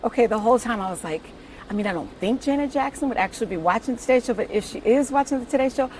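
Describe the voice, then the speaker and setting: A woman's voice: fairly high pitch, expressive, racing, a little mellow, slight background noise. A woman from Kansas interviewing a guest in an upbeat, chatty and eager way. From Kansas, USA. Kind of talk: casual interview.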